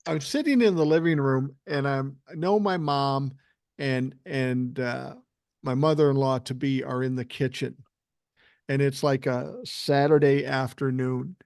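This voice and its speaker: An older man casually telling profane, animated stories as a guest on a podcast. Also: medium pitch, a little slow, no echo, clean studio sound. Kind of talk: casual storytelling chat.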